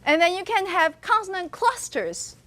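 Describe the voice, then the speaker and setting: High-voiced woman lecturing. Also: big pitch swings, moderate pace, fairly bright tone. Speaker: university linguistics lecturer. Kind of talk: classroom lecture. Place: classroom.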